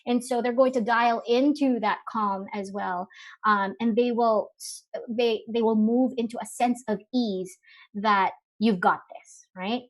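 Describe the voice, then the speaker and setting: A woman's voice: on the high side, fairly even intonation, a little slow. Chatty woman giving a webinar talk. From Philippines. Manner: conversational, many fillers and rhetorical questions. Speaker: webinar speaker. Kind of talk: live webinar presentation.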